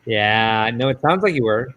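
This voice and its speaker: A man's voice: mid-range voice, animated, moderate pace, a crowd in the background, poor audio. A man co-hosting a hobby live stream from a video call, chatting casually with teasing banter. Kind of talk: casual chat.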